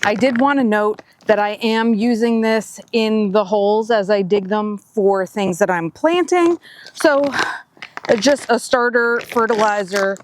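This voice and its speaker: A woman's voice: medium pitch, measured pace, noisy background. A woman hosting a gardening vlog outdoors, talking casually while she works on a flowerbed, a bit out of breath from digging. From Southeastern United States. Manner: chatty, thinking aloud while working. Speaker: gardening channel host.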